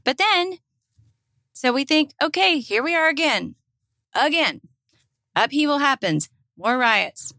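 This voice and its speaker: A woman's voice: high-pitched, expressive, unhurried, pauses often, bright, forceful tone, no echo, studio quality. A woman with a Southern US accent, co-hosting a podcast in casual chat, emphatic and impassioned, swearing freely. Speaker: podcast co-host.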